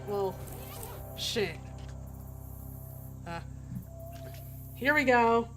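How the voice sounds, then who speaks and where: A woman's voice: on the high side, moderate pace, a bit bright, faint music behind. Chatty woman streamer reading game text. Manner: wry, chatty, laughs often. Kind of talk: reading game text aloud while playing.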